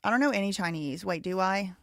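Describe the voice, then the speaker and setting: A woman's voice: mid-range voice, fast, fairly bright tone, dry recording, studio quality. A woman in her thirties hosting a live stream, rambling casually and thinking aloud with lots of "like" fillers. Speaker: livestream host.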